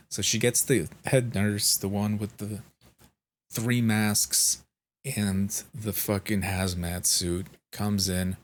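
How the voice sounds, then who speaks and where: Slow, low-voiced profane storyteller man. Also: level tone. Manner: frank, heavily profane, exasperated retelling. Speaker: vlogger. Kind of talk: casual storytelling monologue.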